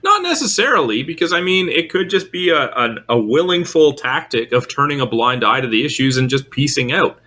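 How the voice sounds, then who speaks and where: A man co-hosting a film podcast, casually arguing his opinions with lively shifts in tone. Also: brisk, few pauses. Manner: opinionated, lively pitch swings, argues his points. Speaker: podcast co-host. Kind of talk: casual film review chat.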